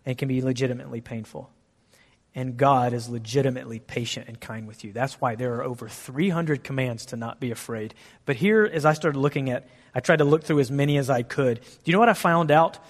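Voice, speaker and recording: A man preaching a sermon in a lively, conversational way, asking his listeners many questions. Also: mid-range voice, fairly quick, long reverb tail.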